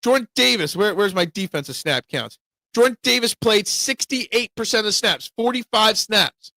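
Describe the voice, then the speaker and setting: A man hosting a live sports talk show, giving opinionated, excitable fan takes and answering chat. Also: sits high, normal speed, vocal fry, no echo.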